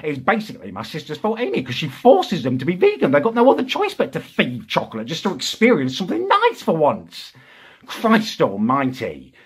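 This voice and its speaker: A young man in a comedic rant, exasperated and indignant, with sudden high-pitched outbursts. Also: wildly swooping pitch, a little fast, slightly rough. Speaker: comic ranting character.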